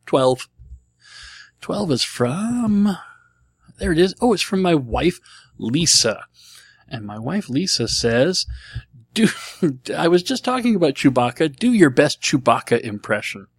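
A man's voice: on the high side, very animated, unhurried, long pauses, husky, no room sound. A middle-aged man hosting a casual solo show, rambling and self-deprecating, with a dry throat. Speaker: podcast host answering listener questions.

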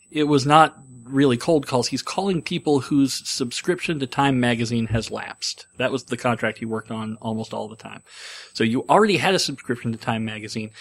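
Rambling man telling a story. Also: mid-range voice. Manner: rambling, digressive. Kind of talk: casual storytelling.

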